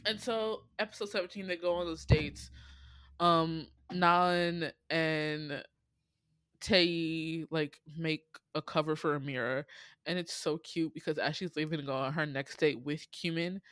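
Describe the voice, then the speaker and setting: Bright-voiced woman recapping with animated exasperation. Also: low voice, unhurried, no room sound. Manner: animated, laughing, mock-exasperated storytelling. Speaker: podcast host. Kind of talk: casual recap chat.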